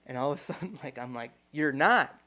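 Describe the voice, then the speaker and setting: Animated swearing man telling a story. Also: mid-range voice, rapid-fire. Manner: animated, swears freely, acts out quotes loudly. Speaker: podcast co-host. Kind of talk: casual storytelling chat.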